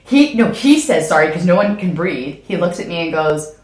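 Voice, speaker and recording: A woman hosts a casual podcast chat and tells a story with animated energy. Her voice sits low but swings widely in pitch. The sound is roomy, with noticeable echo. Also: normal speed. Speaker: podcast host.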